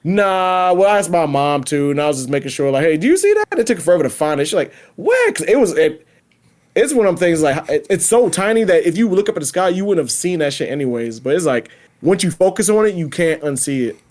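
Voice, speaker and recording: Animated laid-back man podcast host. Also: a little high, quick pace. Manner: animated, laughing, reads predictions aloud then riffs. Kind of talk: casual podcast chat.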